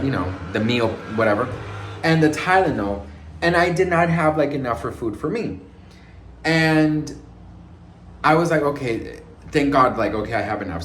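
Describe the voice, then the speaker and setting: A medium-pitched male voice with a little hiss or hum chats casually about celebrity gossip. He's dramatic and sassy, acting out quotes in raised voices and calling viewers "girl" and "best friend," recorded in an echoey room with faint ambience.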